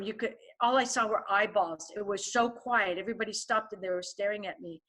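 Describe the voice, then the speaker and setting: A woman's voice: medium pitch, fairly even intonation, fairly quick, few pauses, fairly bright tone. A woman guest author telling a vivid story in a podcast interview, often turning to the host by name.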